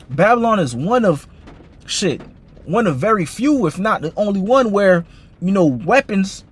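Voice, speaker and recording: A man giving casual commentary built on scripture, ending nearly every phrase with "man" or "all right" and often stammering through restarts. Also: sits high. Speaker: online commentator and preacher.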